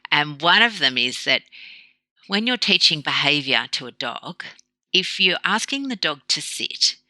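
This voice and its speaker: A woman, a guest in an interview, who explains her ideas through lively analogies and acts out quoted voices. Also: deep voice, a little slow, no room sound. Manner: animated storyteller who acts out quoted dialogue. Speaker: guest, low-carb practitioner. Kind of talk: conversational interview.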